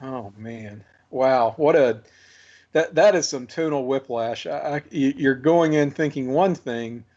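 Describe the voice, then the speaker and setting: A man's voice: mid-range voice, measured pace, warm tone. A man hosting a casual podcast chat, reflective and chuckling, repeating words as he works through his thoughts. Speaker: podcast host. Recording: muffled podcast audio.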